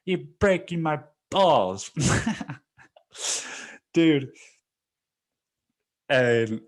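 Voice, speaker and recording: A man's voice: fairly high pitch, expressive, drawn-out words. A man hosting a podcast, telling stories in a casual monologue, swearing often and laughing between lines. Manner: profane, laughing storyteller. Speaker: podcast host.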